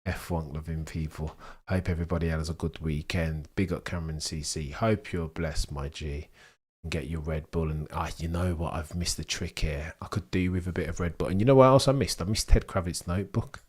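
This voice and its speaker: A young British man hosting a live sports watchalong, chatting with viewers and reacting to the race in a rambling, excitable way. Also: low voice, brisk, husky. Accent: British English. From England. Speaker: livestream host. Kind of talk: live sports watchalong commentary, reading chat.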